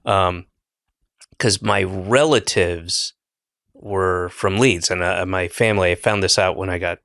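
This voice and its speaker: A man's voice: low-pitched, steady tone, unhurried, gravelly, a bit bright, no echo. Casting: male podcast host, loose rambling storyteller, salty, bone-dry mic. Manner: rambling, profane, jokey storytelling with mimicked voices. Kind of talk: casual chat.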